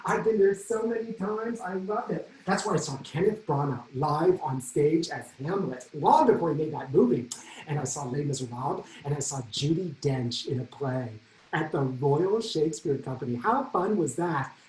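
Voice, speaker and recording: Excitable male solo storyteller, chatty and exaggerating; distant, roomy sound. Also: fairly high pitch, normal speed. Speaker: solo performer. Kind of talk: comic storytelling monologue.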